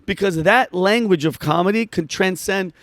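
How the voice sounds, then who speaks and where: Male comic, fast animated storyteller, raised voice, dry close mic. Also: high voice, no room sound. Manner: fast, excitable, acts out quotes with shouts. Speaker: comedian guest.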